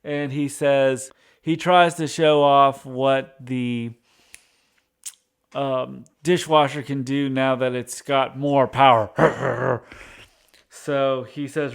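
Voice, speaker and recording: Male recap host, unhurried, smooth tone, loose and rambling. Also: mid-range voice, steady tone. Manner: rambling, frequent restarts and fillers. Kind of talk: casual episode recap.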